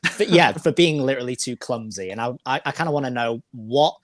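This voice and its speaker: A man's voice: medium pitch, expressive, a little fast, dry recording. A man chatting casually on a video call, sympathetic and rambling with hesitations. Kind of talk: casual chat.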